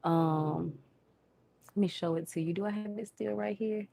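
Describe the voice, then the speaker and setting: A woman's voice: medium pitch, steady tone, normal speed, gravelly, dark tone. Chatty woman with a Southern accent hosting a live cooking stream from her kitchen, casual and friendly with viewers. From Southern United States. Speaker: home cooking livestream host. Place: home kitchen. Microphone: new microphone.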